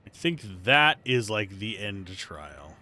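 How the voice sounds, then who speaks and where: Man streamer, bright, animated, casual wry commentary. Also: lowish voice, slow pace. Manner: laid-back, wry, thinking aloud. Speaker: let's play streamer.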